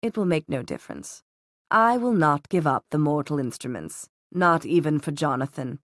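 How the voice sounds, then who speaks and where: Ruthless calm villain guy, lowish, cutting and slow, woman reader doing him. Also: no room sound. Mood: cold disdain. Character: cold ruthless middle-aged male villain.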